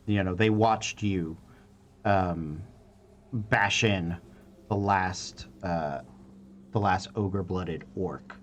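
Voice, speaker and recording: Man, game master, slow narration, lowish voice, halting and full of fillers. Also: slight background noise. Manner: halting, many fillers and restarts.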